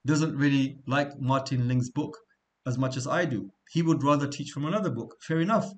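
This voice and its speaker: A man's voice: medium pitch, moderate pace. A middle-aged man teaching a class in an informal, conversational way, often checking in with "right?" and repeating himself as he talks. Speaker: seerah teacher.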